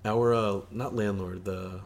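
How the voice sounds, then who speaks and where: Man, low-ish voice, jokey banter, swears freely, throws in impressions. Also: fairly even intonation, measured pace, a little hiss or hum. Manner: joking, swears, acts out voices. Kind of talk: casual chat.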